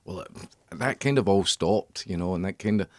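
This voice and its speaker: A middle-aged man with a Scottish accent talks through a relaxed radio interview, restarting his sentences often. His voice sits low, and the studio sound is dry and close. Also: no room sound. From Scotland. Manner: rambling, halting, many restarts and fillers. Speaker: band member guest.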